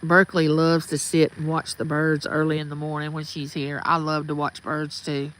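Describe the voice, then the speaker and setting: Her delivery is completely flat, low in pitch and moderate in pace, with a fairly bright tone. She is a middle-aged Southern-accented woman from Mississippi hosting a casual livestream outdoors at home and welcoming viewers by name. The audio is rough.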